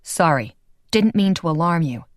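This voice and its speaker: A woman doing a calm, protective young man. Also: moderate pace, dry recording, lightly acted. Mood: apologetic. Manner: low, reassuring and firm.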